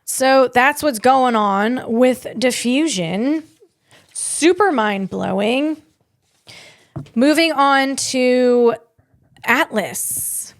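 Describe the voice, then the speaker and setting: Slow-talking woman podcast host, dry mic. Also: sits high, expressive, no echo. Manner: rambling, self-deprecating, tells personal stories. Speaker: tech comedy podcast host. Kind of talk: casual solo podcast chat.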